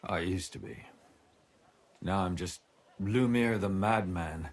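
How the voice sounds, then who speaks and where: A man's voice: deep voice, takes it slowly. An actor playing a weary, bitter former scribe who calls himself a madman, in game voice acting. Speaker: video game character.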